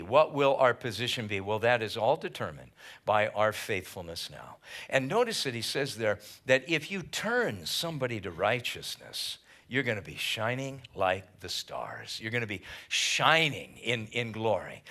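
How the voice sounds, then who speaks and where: At a midweek Bible study, a male pastor with a medium-pitched, unhurried voice preaches a sermon. He's emphatic and animated, blending scripture with casual slang.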